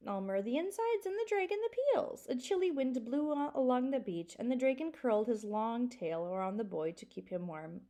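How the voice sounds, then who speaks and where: A woman teacher reading a children's book aloud to a second-grade class, expressive and asking the class questions. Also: on the high side, moderate pace.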